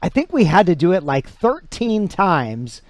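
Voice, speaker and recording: A man hosting a casual livestream interview, halting, with many restarts and fillers. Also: high-pitched, big pitch swings. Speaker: livestream host.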